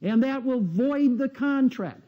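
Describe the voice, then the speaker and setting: A man's voice: extremely high pitch, animated, unhurried, dull audio. A man voicing a worried ogre who pleads anxiously, within a seminar story. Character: worried ogre stuck in a contract.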